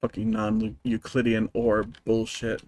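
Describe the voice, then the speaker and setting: A man's voice: fairly low pitch, completely flat delivery, a little slow, darkish tone, no echo. A man streaming a video game, ranting profanely and rambling with lots of fillers and restarts. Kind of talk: live-streamed gameplay commentary.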